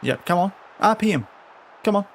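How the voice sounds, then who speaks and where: Young guy streaming a football manager game, kinda gravelly voice, grumbling at his players. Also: high voice, expressive, normal speed, a little hiss or hum. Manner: exasperated, scolds his virtual players aloud. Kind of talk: casual live-stream commentary.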